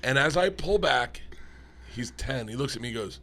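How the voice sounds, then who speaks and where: A middle-aged comedian telling an animated, profane story as a podcast guest, acting out the people in it. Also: male voice, mid-range voice, a little slow, long pauses, noisy background.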